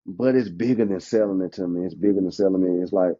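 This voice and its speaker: A man, an insurance agent chatting casually as a podcast guest, lively and quick to laugh. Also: low voice, dry recording. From Alabama, US. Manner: animated, talkative, laughs often. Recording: dull, dry lo-fi sound.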